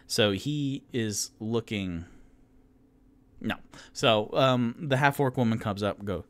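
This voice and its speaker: A man's voice: fairly low pitch, slow, fairly bright tone. A man narrating a solo tabletop game as game master, in a casual, rambling way that often corrects itself.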